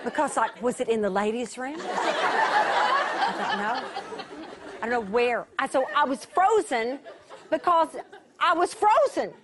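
Woman, Bible teacher, storytelling sermon, chatty with self-interruptions, hushed tender moments, slightly high voice. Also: sing-song, measured pace, long pauses, a loud crowd, heavy background noise. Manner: chatty, restarts often, laughs at herself. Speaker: Bible teacher addressing broadcast viewers.

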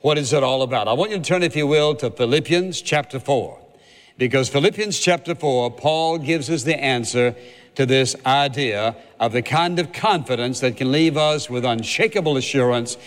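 A man preaching a sermon, earnest and deliberate, stressing his points through repetition. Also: medium pitch, long reverb tail.

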